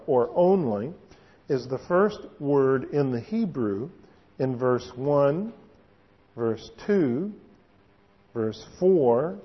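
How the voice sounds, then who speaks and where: A man preaching a sermon and teaching through scripture, unhurried, with frequent fillers. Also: medium pitch, dull audio. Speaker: pastor.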